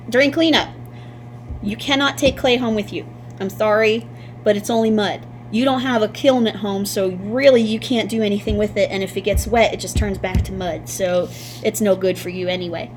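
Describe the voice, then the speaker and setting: A woman art teacher with a fairly high voice gives young children a patient, sing-song lesson in class. A little background noise can be heard.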